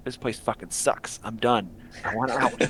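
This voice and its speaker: A man's voice: mid-range voice, normal speed, a crowd in the background, close to an everyday voice. A man voicing a weary gnome who poses as a goblin chief, hesitant and full of fillers. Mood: fed up. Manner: hesitant, rambling with many fillers.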